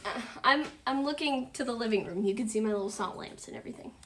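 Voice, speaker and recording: Bubbly young woman, slightly high voice. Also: fast, a bit bright, slight background noise. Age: 20s. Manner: chatty and giggly, laughs often. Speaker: streamer hosting a dinner stream. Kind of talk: casual livestream chat. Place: at home.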